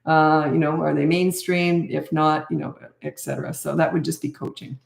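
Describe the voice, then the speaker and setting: A woman's voice: deep voice, level tone, normal speed, creaky, reverberant. A woman in her sixties, a parenting coach, answering viewer questions in a candid, chatty live Q&A. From Canada. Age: 60s. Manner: candid, chatty, self-deprecating. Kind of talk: live Q&A chat.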